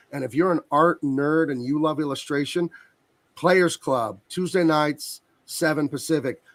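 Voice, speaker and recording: A man's voice: on the high side, fairly bright tone, dry recording. A man who colors comics, talking enthusiastically and at length about his work as a guest on a video call. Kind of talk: casual interview chat.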